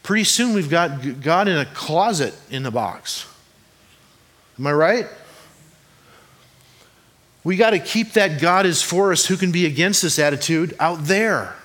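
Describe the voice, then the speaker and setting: A man's fairly high, fairly bright voice carries an animated sermon at a measured pace, broken by long pauses. He is a pastor joking and chatting with a congregation in a church hall, often asking them rhetorical questions.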